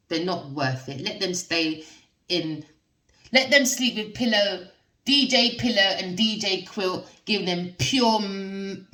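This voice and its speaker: A woman giving a casual tarot reading, talking straight to her viewers with lots of tag questions and excited outbursts. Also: on the low side, far from the mic. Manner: addresses viewers directly with frequent tag questions; expressive, with sudden gasps and excited outbursts. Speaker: tarot reader. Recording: roomy sound from away from the mic.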